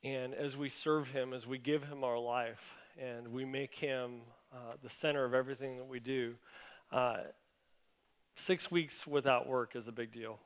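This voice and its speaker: A man's voice: medium pitch, fairly even intonation, unhurried, clear, resonant tone. Pastor rallying his congregation. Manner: warm encouraging, rising to fervent exhortation. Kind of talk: sermon. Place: church sanctuary.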